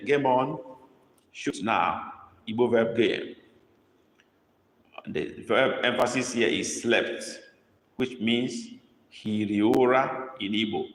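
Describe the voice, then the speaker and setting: A man teaching a live-streamed language lesson, coaxing students and repeating each prompt slowly. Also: fairly low pitch. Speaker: language tutor. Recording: echoey room with long reverb.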